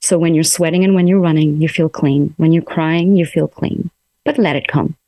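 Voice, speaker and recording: A woman coaching listeners through emotions in a gentle, coaxing self-help talk, speaking her self-talk aloud from a room in her home. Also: deep voice, fairly even intonation, moderate pace, dry recording.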